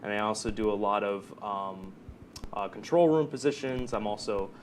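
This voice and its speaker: A man's voice: fairly low pitch, fairly even intonation, moderate pace, a little hiss or hum. A young man, a guest on a student campus TV show, talking in an easygoing way with some fillers. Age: young adult. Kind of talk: casual studio chat. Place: campus TV studio.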